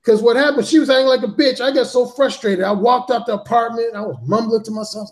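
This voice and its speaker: A man's voice: extremely high pitch, sing-song, brisk, few pauses. A man telling a story as a podcast guest, speaking bluntly and profanely with heavy emphasis. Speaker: podcast guest, dating author. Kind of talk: casual storytelling in a talk show.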